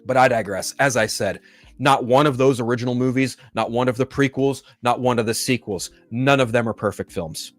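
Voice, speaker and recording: A man's voice: medium pitch, brisk, soft background music. A man hosting a pop-culture show, ranting in a profane, exasperated and mocking way. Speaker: podcast host.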